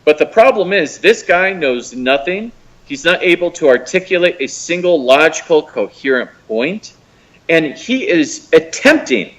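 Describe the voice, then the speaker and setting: A man's voice: on the high side, measured pace, poor audio. An American man calling in to a show, ranting and mocking someone with lots of swearing. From United States. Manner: profane, mocking, animated ranting. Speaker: caller. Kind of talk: heated call-in rant.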